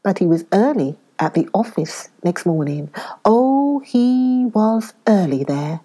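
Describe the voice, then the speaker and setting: Slow, mellow British woman storyteller. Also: medium pitch. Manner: expressive, slows down for emphasis. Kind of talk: dramatic reading of a classic story.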